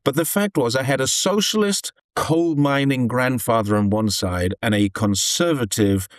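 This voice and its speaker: A man's voice: medium pitch, normal speed, dry recording, clean studio sound. A man from the UK, explaining his views in a rambling, earnest conversational way with frequent restarts. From United Kingdom. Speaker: commentator living in China. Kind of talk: conversational discussion.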